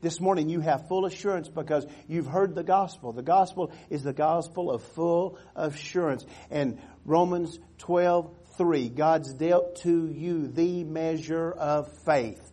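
A male pastor preaching a sermon, calling for amens and drawing scripture out slowly, swinging from loud exhortation to hushed storytelling. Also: on the high side. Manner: emphatic, calls for amens, stretches scripture slowly.

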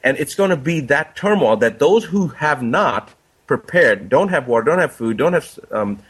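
With a husky, fairly high-pitched voice, a male doctor guest tells an earnest parable, animated but at normal speed. He shares it conversationally and quotes the characters' dialogue.

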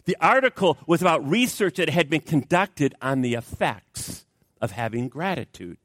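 An emphatic preacher giving a sermon, his voice pitched a little high for a man. He tells a story and leans hard on key words, often turning to ask his listeners questions. The sound is dry and close, with no echo. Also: sing-song, normal speed, fairly bright tone. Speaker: pastor.

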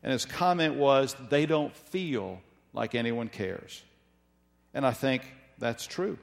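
Guy preaching a sermon, measured and emphatic, big echoey church sound. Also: mid-range voice, gravelly. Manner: measured, emphatic, slows down for scripture. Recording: long hall reverb.

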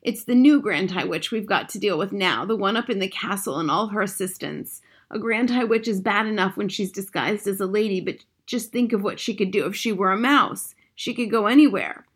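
A woman's voice: medium pitch, brisk, few pauses, breathy edge. A woman voicing a feisty, bossy old grandmother who talks in a commanding, emphatic way in a storybook reading.

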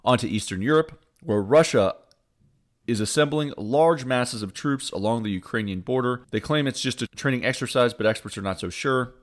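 A man hosts a satirical news roundup. He reads it deadpan, like a newsreader, and slips in wry asides. His voice is mid-pitched and ordinary. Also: moderate pace. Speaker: host.

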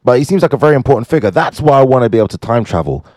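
A man casually reading out fun facts, joking and riffing on them in quick asides. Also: mid-range voice, dry recording. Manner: animated, jokey, asides to himself. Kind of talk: casual fun-fact commentary.

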